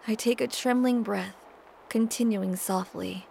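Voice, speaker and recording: Woman narrator for a first-person audio role-play: hushed, tearful, trembling delivery with a gravelly fry. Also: mid-range voice, fairly even intonation, moderate pace, slight background noise. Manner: soft-spoken and hushed, with a shaky, tearful edge. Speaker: storyteller.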